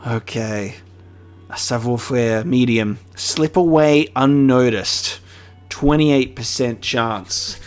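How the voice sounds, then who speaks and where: A man's voice: mid-range voice, takes it slowly, soft background music. A man, joking and reading game dialogue aloud in a let's play. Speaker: gaming streamer.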